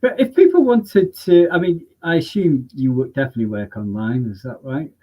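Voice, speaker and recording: A man hosting an interview, relaxed and agreeable, with frequent short backchannels. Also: a little high, brisk, dull audio. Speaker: podcast host. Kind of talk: casual interview chat.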